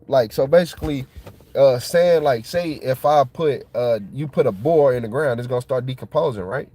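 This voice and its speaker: Excitable man rambling in slang. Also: medium pitch, normal speed. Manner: excitable, colloquial, repeats himself. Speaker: channel host. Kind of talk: casual rambling monologue.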